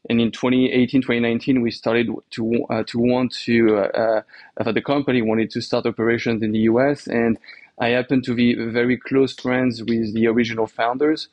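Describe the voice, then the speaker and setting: A man from Normandy with a French accent, a podcast guest who talks in a halting way with many fillers and restarts. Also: mid-range voice, little pitch movement, darkish tone, dry recording. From France, Normandy. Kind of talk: casual podcast interview.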